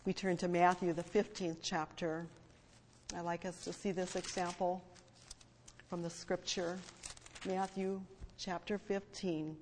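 A woman's voice: on the low side, level tone, measured pace, long pauses, a little hiss or hum. Woman preaching in a reverberant hall. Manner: emphatic, swings between hushed and loud fervent stress. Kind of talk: sermon with scripture reading.

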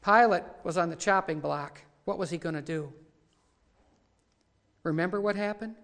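A man's voice: high voice, normal speed. Guy preaching a sermon, acts out the quotes big, long echo off the hall. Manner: dramatic retelling, voices quoted lines louder.

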